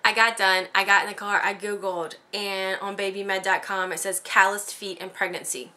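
A chatty American woman talking to her camera with a bright, forceful voice. She rambles casually, leans on fillers and acts out her own reactions. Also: mid-range voice, normal speed. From United States. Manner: chatty and expressive, many fillers, quoting herself. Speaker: vlogger.

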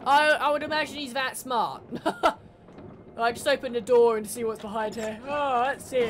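A woman's voice: fairly high pitch, steady tone, a little slow, a little hiss or hum. A woman commentating her horror game playthrough, sarcastic, swearing and laughing at the characters. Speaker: gamer. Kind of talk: let's play commentary.

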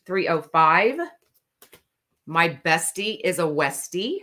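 A woman hosting a live stream to sell custom cups, talking casually and slowly with lots of ums. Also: lowish voice, expressive, sharp tone. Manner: slow, drawling, many ums. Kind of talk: casual live sales chat.

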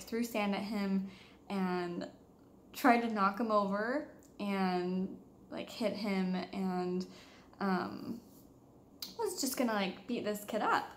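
A woman's voice: mid-range voice, slight background noise. A young woman in her twenties, a mother vlogging, telling a personal story in a candid, casual way with many fillers.

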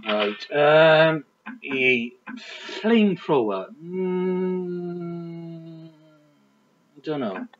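A man's voice: a little high, animated, very slow, pauses often, a bit bright. A man giving casual, jokey commentary while playing a video game, muttering to himself. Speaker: let's play commentator. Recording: dull lo-fi audio over game music. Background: game music.

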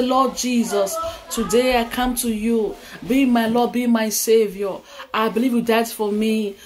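A woman's voice: a little high, steady tone, measured pace, darkish tone, slight background noise. A woman preacher delivering a fervent prophetic sermon, breaking into tongues between repeated, exhorting declarations and hallelujahs. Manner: repetitive, exhorting, punctuated with hallelujahs.

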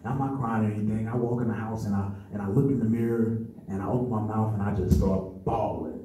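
Man in his 30s, storytelling testimony speaker, very mellow dark voice, low-ish pitch. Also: steady tone, fast talker. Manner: conversational storytelling, often checks in with "right?". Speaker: conference speaker. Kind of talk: personal testimony speech. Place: meeting room at a men's conference. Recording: echoey room, mic far off.

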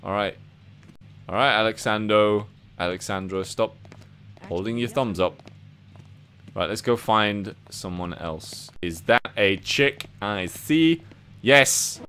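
A man streaming a video game, chatting casually, reading its text aloud, swearing and yelping with excitement. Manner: excitable, swears and laughs, jumps into high yelps. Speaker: livestreaming gamer. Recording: game music playing under the voice. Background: game music.

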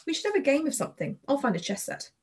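A woman voicing an eager, clever young boy who blurts out wide-eyed questions, with a breathy voice. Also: sits high, wildly swooping pitch, rapid-fire, pitched above the performer's own voice, heavily acted.

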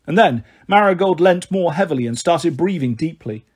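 A man reading a children's novel aloud, expressive and voicing each character in turn. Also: fairly high pitch, moderate pace, slightly rough. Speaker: storybook reader.

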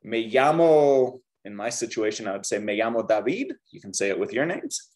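A man's voice: on the low side, big pitch swings, quick pace. A man teaching a beginner Spanish class, upbeat, leading the students in call-and-repeat drills. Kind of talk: classroom language lesson.

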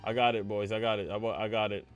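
Excitable young male game streamer. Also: on the low side, quick pace, soft background music. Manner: excitable, talks to chat, cries out when things go wrong. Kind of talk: live gameplay commentary.

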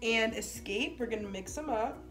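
A rambling, self-mocking woman talks through a makeup tutorial in a fairly high voice. Her chat is loose and jokey, with music running clearly underneath her. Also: moderate pace, a bit bright. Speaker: beauty vlogger.

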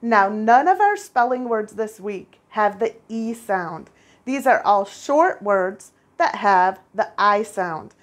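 A woman teaching first graders a spelling lesson, patient and clear, repeating each word for the children. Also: mid-range voice, animated, takes it slowly. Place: international school.

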